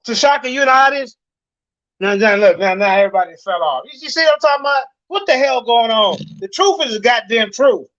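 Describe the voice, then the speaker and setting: A man with a very high-pitched voice hosts a heated online group chat, ranting, swearing and circling back over his points. The sound is dry and close, with the muffled quality of call audio. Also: lively intonation, brisk, a bit bright, no echo. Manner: ranting, profane, repeats himself. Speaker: show host.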